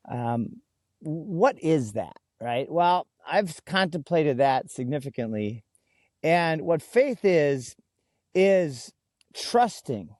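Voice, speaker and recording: A man speaking as an interview guest, telling stories earnestly and slowing right down to stress his key words, recorded outdoors. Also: fairly high pitch, a little mellow, no echo, clean studio sound. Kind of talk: conversational interview. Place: outdoors in a food forest.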